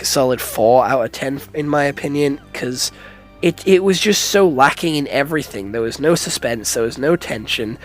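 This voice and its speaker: A man casually reviewing a film in a blunt way, swearing a lot, stumbling over restarts and calling people "dog". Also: medium pitch.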